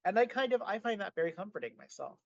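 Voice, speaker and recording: A man's voice: high-pitched, fast talker, creaky, dry recording, highs cut off. A man co-hosting a podcast in casual chat, talking animatedly and filling his sentences with "like". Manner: animated, frequent "like" fillers. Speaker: podcast co-host.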